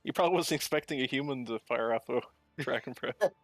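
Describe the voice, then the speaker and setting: A man's voice: medium pitch, brisk, no echo, soft background music. Amused man player, stumbling words. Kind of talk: casual tabletop game chat.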